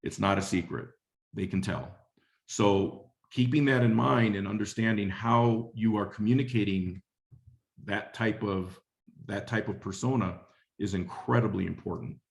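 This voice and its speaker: A man's voice: on the low side, unhurried, gravelly. A middle-aged man giving a webinar talk on leadership, telling a story in a conversational way and often repeating phrases. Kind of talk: motivational talk with anecdote.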